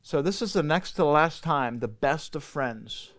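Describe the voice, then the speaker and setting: A male pastor leading a Bible study, retelling the story in a relaxed, conversational way and acting out bits of dialogue. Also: fairly high pitch, normal speed.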